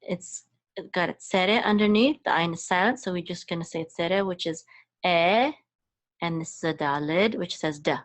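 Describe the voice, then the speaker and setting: With a low-leaning voice at normal speed, a woman who teaches Hebrew and Torah chanting leads a slow, step-by-step reading lesson. She patiently works through letters and vowel sounds one at a time, spelling out sounds and syllables, with frequent hesitations and restarts.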